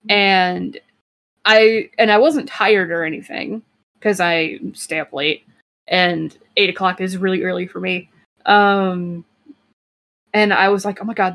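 A woman's voice: medium pitch, fairly bright tone. Young woman just chatting, rambly, lots of likes and ums, laughs a bit here and there. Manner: rambling, frequent "like" and "um", quick laughs. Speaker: podcast co-host. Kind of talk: casual storytelling chat.

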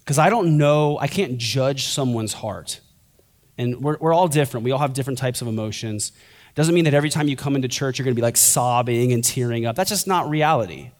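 A man's voice: medium pitch, brisk. A young man preaching a sermon as a pastor, conversational and joking, then building to fervent intensity.

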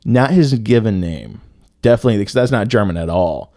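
A young man co-hosting a podcast, telling a story casually with lots of swearing and filler words and bursts of loud disbelief. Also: on the low side, animated, fairly quick, dry recording, clean studio sound. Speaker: podcast co-host.

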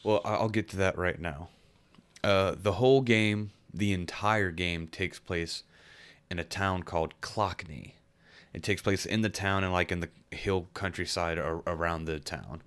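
A man's voice: low-pitched, steady tone, measured pace, a bit bright, clean tone. A man chatting casually as a podcast co-host, rambling and searching for words with frequent restarts. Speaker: podcast co-host reviewing a game. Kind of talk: casual chat.

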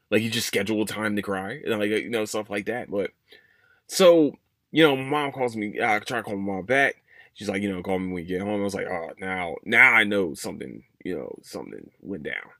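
Low-voiced man hosting a rambling podcast. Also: fairly bright tone, no echo, clean studio sound. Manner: rambling, with many fillers and restarts. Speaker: podcast host. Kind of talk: casual solo podcast monologue.

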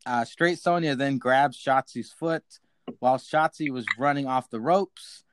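A man's voice: mid-range voice, a little slow, noisy background. A man hosting a casual podcast, recapping matches play by play, swearing and joking with his co-hosts. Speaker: podcast host.

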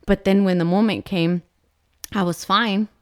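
Smooth-voiced woman sharing candidly. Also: mid-range voice, steady tone, unhurried, no echo, clean studio sound. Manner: earnest and open, with frequent fillers. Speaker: vlog co-host, mother. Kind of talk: candid personal vlog talk.

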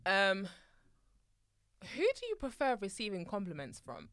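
A woman's voice: mid-range voice, wildly swooping pitch, measured pace, fairly bright tone, clean tone, no room sound, clean studio sound. A woman co-hosting a casual podcast chat. She laughs often and trips over her words. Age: 30s. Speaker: podcast co-host.

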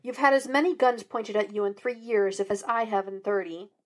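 A woman's voice: medium pitch, moderate pace, natural voice. A stern older father, as a woman reader puts him on, snapping and scolding with rising force. Firm and clipped.

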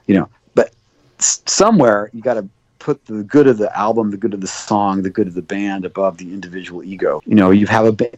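Low-voiced man telling studio stories. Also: fairly quick, a little mellow, no echo. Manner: rambling, many fillers, acts out quoted dialogue. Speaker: guest, record producer. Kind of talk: casual interview storytelling. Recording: dull lo-fi dry sound.

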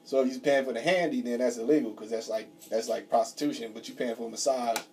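A man's voice: medium pitch, steady tone, fast, a little mellow. A young man with an average voice banters on a podcast. He laughs often and swears freely while trading jokes. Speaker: podcast co-host. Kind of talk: casual chat.

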